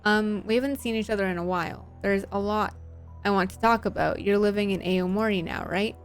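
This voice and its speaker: A woman's voice: medium pitch, a little fast, faint music behind, close to an everyday voice. A woman voicing an anxious young woman scientist who speaks hesitantly, trying to placate her father. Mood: placating. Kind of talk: voicing visual novel characters.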